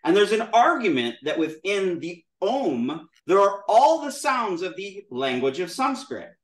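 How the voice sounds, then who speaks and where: Man, high voice, animated, classroom teacher, roomy echo. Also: measured pace, distant mic. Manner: lively, demonstrative, drills sounds aloud. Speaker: Sanskrit teacher. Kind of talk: classroom lesson with call-and-response.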